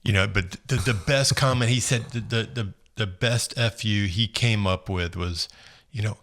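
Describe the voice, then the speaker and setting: A man's voice: on the low side, normal speed, fairly bright tone. A man co-hosting a podcast, telling a rambling story in casual chat and laughing along as he goes. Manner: rambling, laughs at his own stories. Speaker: podcast co-host.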